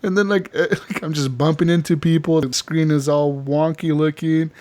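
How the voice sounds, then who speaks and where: A young man co-hosts a casual gaming podcast and tells a long, excited story. He laughs often and throws himself into the characters' lines. His voice sits a little high for a man. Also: moderate pace. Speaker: podcast co-host.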